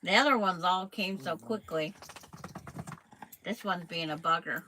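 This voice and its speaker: A woman's voice: lowish voice, a little slow, bright, forceful tone, a little hiss or hum, poor audio. An older woman hosting a casual quilting chat, chatting and cooing to a toddler in baby talk. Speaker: quilting channel host.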